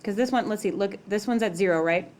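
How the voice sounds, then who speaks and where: A woman's voice: medium pitch, fast talker, a little mellow, a little hiss or hum. A middle-aged woman teaching a math class in a classroom, talking casually, using "like" a lot and asking the students questions. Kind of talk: classroom lecture.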